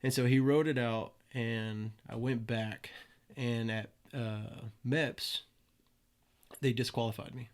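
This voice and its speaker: He speaks slowly, in a mid-range voice with fairly even intonation. A young podcast guest, he's casually storytelling in an interview, swearing freely and voicing the people he quotes.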